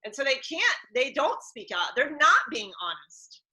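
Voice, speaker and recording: Bright high-voiced woman telling lively stories. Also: normal speed, poor audio. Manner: animated storyteller, acts out quotes. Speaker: podcast host. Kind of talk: casual faith conversation.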